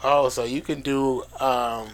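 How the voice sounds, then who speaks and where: A man co-hosting a podcast, in casual chat, playful and quick to laugh while ribbing the others. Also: mid-range voice, flat delivery, low-quality recording.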